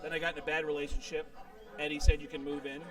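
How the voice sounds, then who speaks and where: A man's voice: a little high, fast, far from the mic, crowd noise. A middle-aged male comedian, a guest telling a long profane anecdote in an interview, quoting other people as he goes. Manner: animated, profane, quotes people in their voices. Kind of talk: storytelling in a podcast interview.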